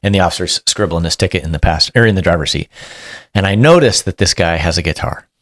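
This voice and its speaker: A man, a police sergeant, telling a story in a casual and animated way as a podcast guest, acting out what people said. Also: low-pitched, fast, no room sound, studio quality. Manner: animated, acts out quotes.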